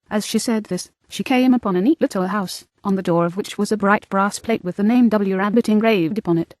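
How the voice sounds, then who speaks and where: A woman's voice: mid-range voice, a little fast, few pauses, darkish tone, dry recording. Woman narrating a classic storybook. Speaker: audiobook narrator. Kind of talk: scripted narration.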